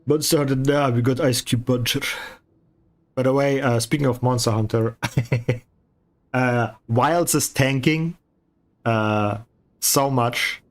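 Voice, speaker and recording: Slow-talking sarcastic male streamer. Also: medium pitch. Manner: sarcastic, teasing, swears and laughs often; chewing ice while talking. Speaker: livestreaming artist. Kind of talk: casual stream chat while painting.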